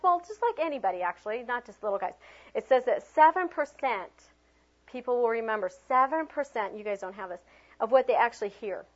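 Animated woman leading a classroom workshop. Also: a little high. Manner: animated, demonstrates tones of voice, lots of fillers. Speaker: teacher trainer. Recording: dull lo-fi room recording.

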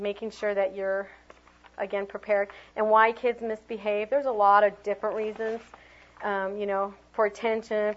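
A woman's voice: mid-range voice, dull audio. A middle-aged woman, a preschool teacher, giving a training talk and acting out children's cheers and reactions as she demonstrates. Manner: animated, acts out sounds and voices for children. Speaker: preschool teacher leading a workshop.

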